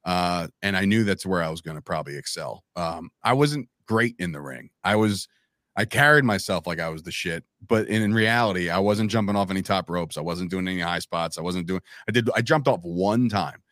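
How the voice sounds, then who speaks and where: A man in his thirties talks casually on a podcast, telling stories with animation and slipping into quoted voices. His voice sits low. The sound is close and dry. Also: a little fast, a bit bright, no echo. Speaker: podcast guest, wrestling commentator.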